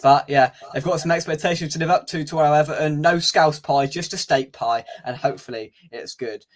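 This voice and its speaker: A man's voice: a little high, fairly quick. A young man hosting a football fan channel's match preview, chatting casually and wryly with plenty of filler words. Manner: chatty, wry, lots of "uh" fillers.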